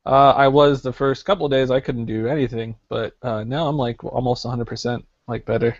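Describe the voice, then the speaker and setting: A man's voice: mid-range voice, steady tone, fairly quick, no echo. A young man co-hosting a podcast, telling a story casually with lots of filler words. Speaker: podcast co-host. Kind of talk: casual chat. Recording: slightly dull lo-fi podcast audio.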